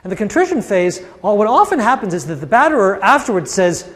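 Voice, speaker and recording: A man giving a university lecture in a classroom, animated and acting out the quoted voices. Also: high-pitched, fast talker, few pauses, long reverb tail. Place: lecture hall.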